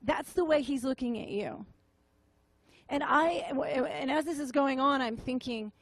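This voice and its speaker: A woman minister giving a tearful, halting sermon testimony to a room, often repeating her words. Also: high voice, slight background noise. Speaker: prophetic minister. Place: meeting room with audience.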